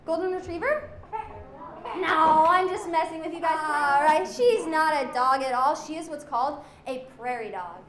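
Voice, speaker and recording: A woman's voice: high-pitched, normal speed, a bit bright, roomy sound. A woman presenting animals to a young audience as a zoo educator, playful and full of questions for the children.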